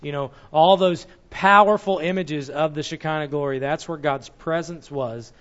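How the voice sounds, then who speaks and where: A Bible teacher delivers a teaching sermon, guiding listeners through scripture step by step and pausing to correct himself mid-sentence. His voice is a little high and fairly bright, moving at normal speed, and the recording sounds muffled and lo-fi.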